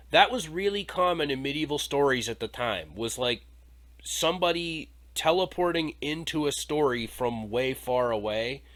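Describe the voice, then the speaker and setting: A man's voice: mid-range voice, fairly bright tone. A male podcast host in a casual, irreverent discussion who jokes around and swears freely.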